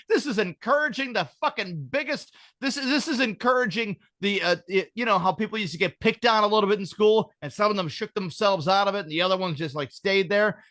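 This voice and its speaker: A man's voice: high voice, sharp tone, dry recording. A man hosting a podcast, rambling through stories in casual comedic chat, swearing freely. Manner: profane, rambling storyteller. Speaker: podcast host.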